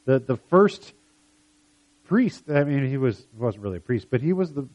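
A man's voice: mid-range voice, very animated, a little mellow, lo-fi sound. A man teaching a Bible story in a casual, conversational way, quoting the people in it as he goes. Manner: conversational, retells scenes with quick quoted voices. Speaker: preacher.

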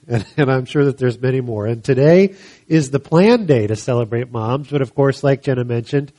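Relaxed man addressing a congregation. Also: medium pitch. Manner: relaxed, halting, joking. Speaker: church speaker. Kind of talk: casual talk to a congregation.

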